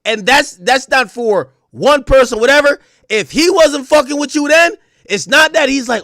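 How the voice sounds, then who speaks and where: A man's voice: very high voice, lively intonation, normal speed, few pauses, pushed and bright, no echo, studio quality. A man hosting a stream, giving heated, casual commentary in an emphatic, slangy way and laughing often. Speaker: streamer host.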